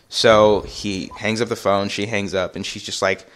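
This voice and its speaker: A man telling a personal story in a casual storytime vlog, animated and acting out the voices of the people in it. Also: lowish voice, moderate pace, hardly any pauses. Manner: animated, acts out quoted voices. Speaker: vlogger.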